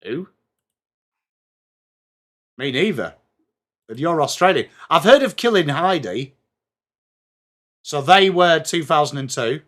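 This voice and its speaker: A man's voice: on the high side, lively intonation, takes it slowly, long pauses, a bit bright. A young English man hosting a live sports watchalong, chatting to his viewers in a self-mocking way and reading trivia aloud. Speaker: livestream host.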